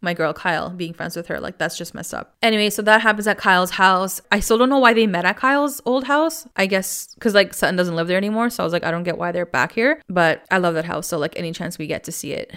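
A woman's voice: medium pitch, quick pace, hardly any pauses, fairly bright tone, clean tone. A young woman hosting a podcast, recapping a reality show in a chatty way, saying "like" constantly and swearing casually. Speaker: podcast host.

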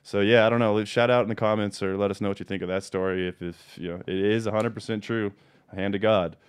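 A man hosting a casual podcast, telling stories about his cannabis dispensary in a profane, animated way. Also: lowish voice, fast talker, smooth. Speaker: podcast host and dispensary owner.

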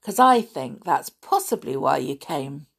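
A woman's voice: low voice, big pitch swings, unhurried, vocal fry, breathy edge. A woman chatting playfully to listeners before reading a children's story aloud as a parent. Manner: playful, chatty, laughs often. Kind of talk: casual chat and storybook reading.

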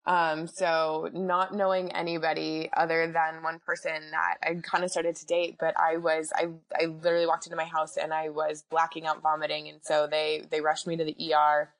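A woman's voice: sits low, completely flat delivery, normal speed, hardly any pauses. A woman guest on a podcast, chatting casually about her own life and acting out what people said. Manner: chatty, acts out quoted dialogue. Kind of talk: casual personal storytelling.

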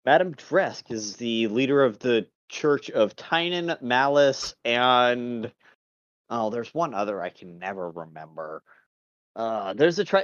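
A man's voice: mid-range voice, dry recording, muffled recording. A man playing a captured captain of a lord's guard, answering questions in a plain, matter-of-fact way.

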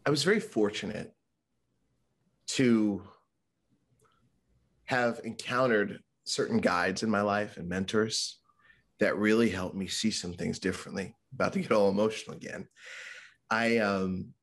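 A man with a gravelly, husky voice sitting low in his range, talking openly in a podcast interview. He speaks in a candid, conversational way and sometimes slips into quoted voices as he tells his story. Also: fairly even intonation, a little slow, pauses often. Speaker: mental health speaker and author.

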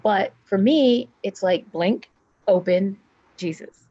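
Husky woman sharing her faith story. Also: mid-range voice, slow, dark tone, highs cut off. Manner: earnest, acts out her prayers in raised voice. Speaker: interview guest. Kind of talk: emotional personal testimony.

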